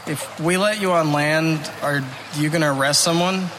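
A man's voice: fairly high pitch, steady tone, normal speed, bright, forceful tone, a little hiss or hum. A man voicing a rude, dismissive island local with a slight rural accent in a comedy sketch. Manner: blunt and dismissive.

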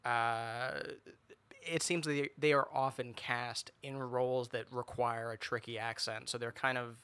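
Podcast cohost musing, bright voice, dry close mic, lots of hedging. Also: mid-range voice, fairly even intonation, a little slow, clean tone, no room sound. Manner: thoughtful, hedging with fillers. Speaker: podcast co-host. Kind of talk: casual chat.

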